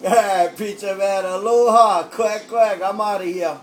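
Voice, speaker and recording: A man's voice: high-pitched, steady tone, normal speed. A man chatting playfully on CB radio, tossing in a quacking catchphrase. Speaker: CB radio operator. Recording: CB radio with light static.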